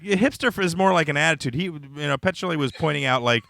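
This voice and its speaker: A man's voice: a little high, lively intonation, fast, vocal fry, pushed and bright, no room sound. A male podcast host chatting casually, rambling and using lots of filler words. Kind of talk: casual comedic chat.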